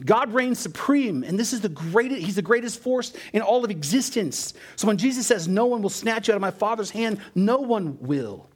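A man's voice: high voice, animated, normal speed, slightly rough. A man preaching a sermon, emphatic, often repeating words for stress and asking his listeners "right?". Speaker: pastor.

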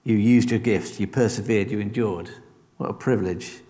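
A man's voice: lowish voice, moderate pace, dark tone, long reverb tail. A man preaching a sermon, conversational and encouraging, with frequent rhetorical questions.

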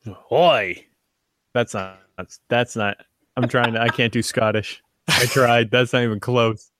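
A man's voice: medium pitch, level tone, moderate pace, a bit bright, clean tone, dry recording. A man running a tabletop game, thinking aloud with fillers and restarts. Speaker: game master.

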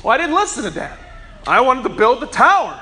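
Man, pastor, sermon, emphatic storytelling, high bright voice. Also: very animated, fairly quick. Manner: storytelling, emphatic, acts out quotes.

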